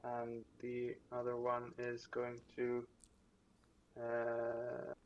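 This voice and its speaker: Slow, laid-back man running a tabletop game. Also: mid-range voice, monotone, highs cut off. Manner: unhurried, with frequent fillers and chuckles. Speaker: game master.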